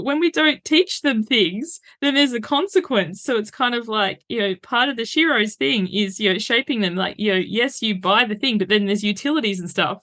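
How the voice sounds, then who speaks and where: A woman's voice: a little high, moderate pace, hardly any pauses, a bit bright. A woman, a coach talking frankly as an interview guest and breaking into laughter as she tells stories. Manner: straight-talking, laughs while telling stories. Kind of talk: casual conversational interview.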